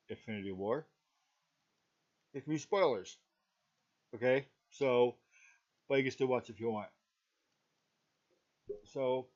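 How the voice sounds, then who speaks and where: Middle-aged guy rambling about a movie, slow and unhurried, keeps saying okay, muffled lo-fi audio. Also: mid-range voice, darkish tone. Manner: rambling, checks in with "okay?" often. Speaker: movie reviewer, vlogger. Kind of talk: casual talk to camera. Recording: dull lo-fi recording.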